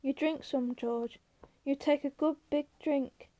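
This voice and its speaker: A woman voicing a huge, slow, gentle man who talks softly and pleads like a child, raising her voice higher for him. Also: fairly even intonation. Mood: eager.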